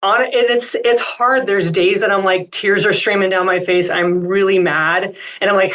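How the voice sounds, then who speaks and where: A woman's voice: medium pitch, unhurried, a bit bright. A woman speaking as an expert guest on a coaching call, reflective and upbeat, with many casual fillers.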